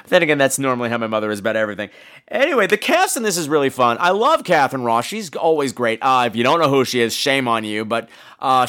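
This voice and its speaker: A man hosting a podcast, recapping a horror movie in a sarcastic, profane, animated storytelling way. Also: a little high. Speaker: podcast host. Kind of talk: casual movie-recap chat.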